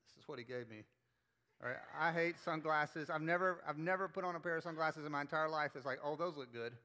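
Bright-voiced male pastor preaching casually. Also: on the high side, quick pace. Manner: conversational, playful, leads crowd call-and-response. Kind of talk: sermon. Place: church auditorium with congregation.

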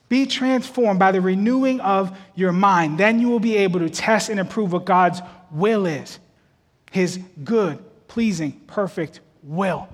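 A man preaching a sermon, telling a story and rising to loud shouted peaks before a laughing congregation. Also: high-pitched, a little slow, in a large hall.

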